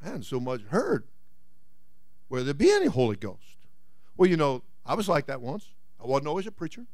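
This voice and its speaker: A man's voice: on the high side, wildly swooping pitch, moderate pace, no room sound, clean studio sound. Folksy dramatic preacher man. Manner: folksy, dramatic, swings from loud to hushed. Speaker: pastor. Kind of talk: sermon with storytelling.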